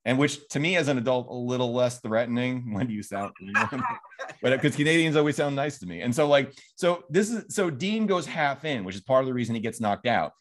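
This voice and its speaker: A man's voice: mid-range voice, expressive, a little fast. A man hosting a podcast, chatting casually about a film and retelling its scenes in a rambling way. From Phoenix, Arizona. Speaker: podcast host. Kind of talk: casual film review chat.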